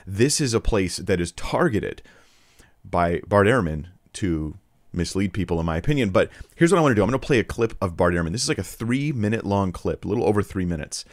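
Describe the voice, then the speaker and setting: Man, Bible teacher, low voice, earnest, speaks directly to listeners, dry close sound. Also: expressive, fast talker, few pauses, dry recording. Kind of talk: teaching a verse-by-verse Bible series.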